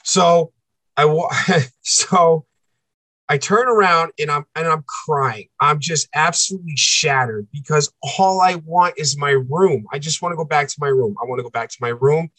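A man telling a personal story as an interview guest, earnest and halting, often repeating himself for emphasis. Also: a little high, sharp tone, dry recording, rough recording.

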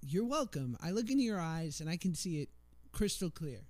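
A man's voice: on the high side, big pitch swings, a little fast, darkish tone, no echo. A man from Manhattan, a podcast guest, chatting casually with wry, playful jokes. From Manhattan, New York.

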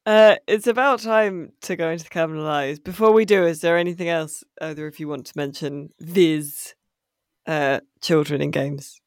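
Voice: medium pitch, steady tone, dry recording. Dry-sounding podcast host. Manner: laughs often, brisk segment links. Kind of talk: casual chat.

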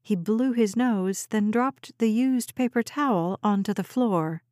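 A woman narrating an audiobook in a measured, even storytelling voice. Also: medium pitch, no room sound, studio quality. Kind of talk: scripted narration.

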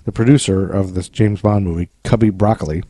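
A man's voice: low voice, steady tone, fairly quick, mellow, no echo, clean studio sound. An American man co-hosting a podcast in a casual, joking, rambling chat. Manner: joking, rambling, breaks into goofy accents and singing. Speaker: podcast co-host.

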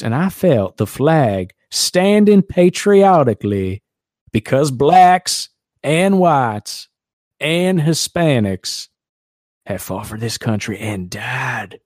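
A man voicing a retired male football star in a slow, mocking Southern drawl. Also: medium pitch, expressive, a little mellow, dry recording, studio quality, pitched above the performer's own voice. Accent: American Southern, put on. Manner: slow, drawn-out mock drawl.

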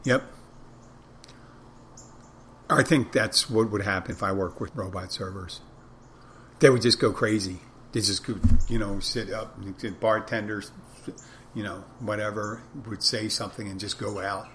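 A man's voice: on the low side, steady tone, unhurried, pauses often, a bit bright, slight background noise. A man who works as a bartender, hosting a podcast and telling a rambling anecdote in a casual monologue, acting out both sides of the conversation. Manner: rambling anecdotes, acts out dialogue.

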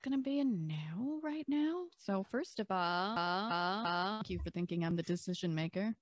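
A woman's voice: mid-range voice, animated, normal speed, no room sound, studio quality. A woman playing a tabletop game, talking in a wry, playful way. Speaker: player.

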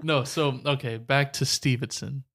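A man's voice: medium pitch, steady tone, unhurried, fairly bright tone. A man co-hosting a casual podcast, telling a story and joking around with his co-host. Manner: joking, laughs often, mock Aussie "mate" asides.

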